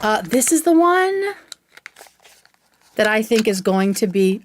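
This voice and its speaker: A young woman hosting a livestream, chatting casually and excitedly while reviewing makeup, swearing now and then. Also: fairly high pitch, slow, long pauses, slight background noise. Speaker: livestream host.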